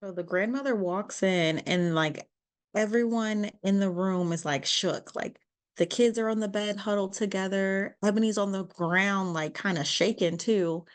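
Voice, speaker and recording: A woman co-hosting a podcast, retelling a movie's scenes in a casual, animated way, full of "like" and acted-out quotes. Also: mid-range voice, measured pace, smooth. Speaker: podcast co-host. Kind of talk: casual movie recap chat.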